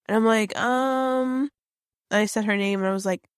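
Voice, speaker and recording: A woman's voice: medium pitch, flat delivery, fast talker, clear, resonant tone, no room sound, clean studio sound. A woman casually telling a creepy personal story, chatty and full of fillers and restarts.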